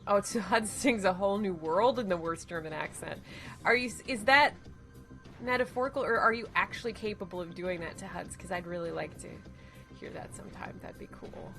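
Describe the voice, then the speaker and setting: A woman's voice: mid-range voice, a little fast, a bit bright, soft background music. A young woman streaming a video game, chatting with viewers, greeting them by name and talking through her moves. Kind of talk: casual game streaming chat.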